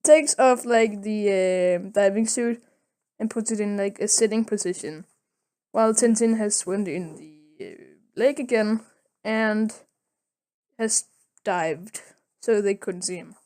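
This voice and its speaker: Slow, rambling woman podcast host. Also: medium pitch, darkish tone. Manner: rambling, many fillers and self-corrections. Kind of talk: casual comic retelling.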